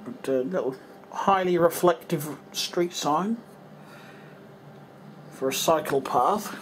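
An English man with a slightly high voice, chatting away to himself as he sorts through his bedroom. He rambles loosely and drops sentences halfway. There is a faint hum of room ambience behind him. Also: slow pace. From England. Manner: rambling, muttering to himself, trailing off mid-thought. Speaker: vlogger. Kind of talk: casual running commentary while tidying.

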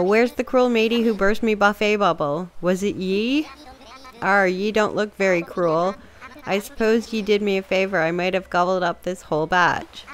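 A woman's voice: medium pitch, close to an everyday voice. A woman voicing a sleepy, blustering male seagull pirate captain, reading game dialogue aloud with pirate talk and growled arrs.

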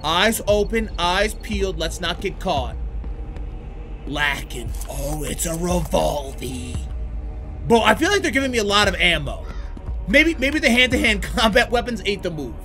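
A man doing let's play commentary on a horror game, crude and animated, breaking into startled shouts. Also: high-pitched, moderate pace. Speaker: gaming YouTuber. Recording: game music playing behind.

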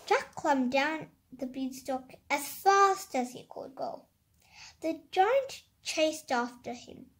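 A child slowly reading a picture book. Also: high-pitched, lively intonation. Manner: slow careful reading, halting comments. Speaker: story reader. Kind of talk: reading a picture book aloud, with page comments.

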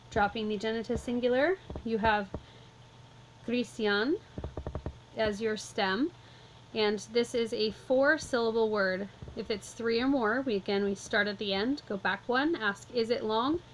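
Woman teacher, slightly high pitch, patient step-by-step delivery, light background hiss. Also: unhurried, rough recording. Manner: calm, methodical, step-by-step explaining. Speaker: Latin teacher. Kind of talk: vocabulary lesson walkthrough.

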